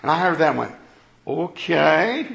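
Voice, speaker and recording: A man preaching a sermon in an earnest, conversational way, moving between quiet reflection and emphatic points. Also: on the high side, expressive, fairly quick, roomy sound.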